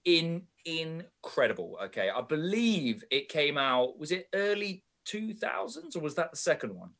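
Young guy, podcast co-host, lively and chatty. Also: fairly high pitch, measured pace. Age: young adult. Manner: animated, chatty British slang. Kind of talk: casual chat.

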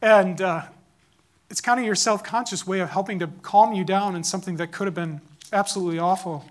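A man in his thirties telling a personal story, growing loud and urgent as it builds. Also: high-pitched, steady tone, fairly quick.

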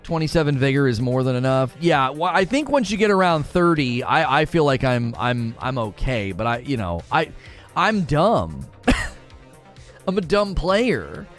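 A man's voice: medium pitch, measured pace, soft background music. A young adult man streaming a game, talking casually with his chat, laughing often and greeting viewers. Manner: animated, laughs often, reads chat aloud.

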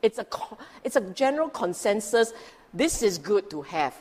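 A woman's voice: mid-range voice, sing-song, moderate pace, darkish tone, breathy edge. A woman teaching Buddhist scripture in a dharma talk, emphatic and asking her listeners rhetorical questions. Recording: long hall reverb.

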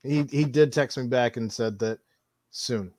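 A man co-hosting a sports podcast, relaxed and teasing in casual chat. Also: mid-range voice, a little slow.

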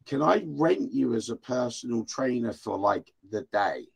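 A podcast co-host with a gravelly, husky voice jokes and swears with loud energy. His pitch leaps around as he shouts punchlines. The rasp never leaves his voice. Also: lively intonation, unhurried. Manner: exuberant, profane, shouting jokes. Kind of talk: casual podcast banter.

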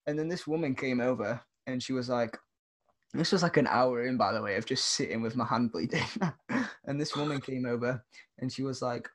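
A young man with a British accent telling a rambling, animated story in casual chat, often laughing as he goes. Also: mid-range voice, moderate pace. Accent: British English.

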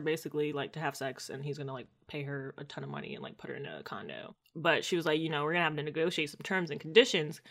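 A woman co-hosting a podcast, casually recapping a TV episode and acting out the characters' lines. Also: low-pitched. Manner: animated storytelling, acts out quotes. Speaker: podcast co-host.

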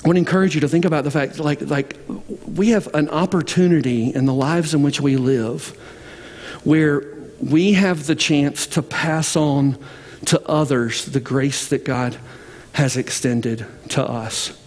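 A man's voice: fairly high pitch, measured pace, darkish tone, long reverb tail. A man preaching a sermon as pastor, speaking conversationally with many fillers and restarts. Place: church sanctuary with balcony.

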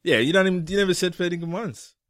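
A man's voice: sits high, fast talker, fairly bright tone. Man teasing friends between takes. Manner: teasing, laughing banter. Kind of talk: casual chat between friends.

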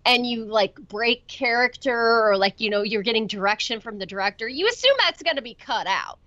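A high-voiced, bright woman chats loosely on a podcast with a crude sense of humor. The sound is dry and close, with dull lo-fi quality. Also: lively intonation, a little fast, no room sound. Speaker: podcast co-host. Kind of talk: casual movie chat. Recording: dull lo-fi audio.

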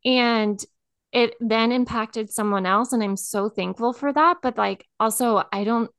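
Gravelly woman telling a story. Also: on the high side, unhurried, a bit bright, no room sound, clean studio sound. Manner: filler-heavy, says "like" constantly, emotional. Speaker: podcast co-host. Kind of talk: casual storytelling chat.

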